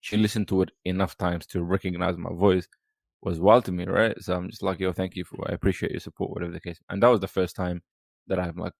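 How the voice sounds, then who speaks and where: A podcast guest, talking casually and rambling with lots of fillers and restarts. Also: male voice, deep voice, level tone, quick pace, creaky, no echo. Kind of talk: casual chat.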